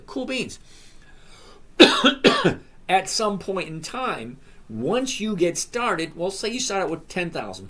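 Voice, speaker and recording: The voice is a little high and fairly bright, belonging to a man in his sixties running a casual live stream. He reads questions from viewers aloud and chats through his answers, addressing each by name.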